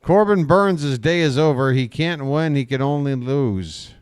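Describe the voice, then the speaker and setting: Slow, folksy play-by-play man. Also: on the high side, lively intonation, clean tone, dry recording, clean studio sound. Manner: folksy, joking, addresses viewers as folks. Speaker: play-by-play host. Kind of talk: live fan play-by-play commentary.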